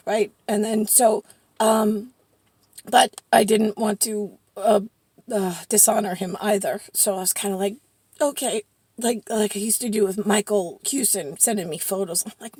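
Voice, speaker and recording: A woman vlogger telling a rambling story in a chatty, excitable way, full of fillers and quoted back-and-forth dialogue. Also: medium pitch, slightly rough, no echo.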